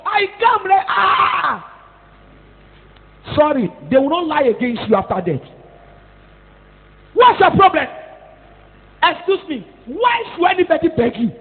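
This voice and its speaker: A Nigerian-accented woman pastor preaching a scolding, animated sermon, mixing in Pidgin and Yoruba and rising to shouts at times. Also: high voice, normal speed, pauses often. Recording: tinny phone-like echoey hall.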